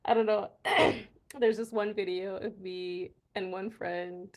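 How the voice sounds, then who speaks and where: A young American woman chats casually on a live stream, reading viewers' comments and laughing hard and often, to the point of wheezing. Her voice is mid-range and steady, and she takes things slowly.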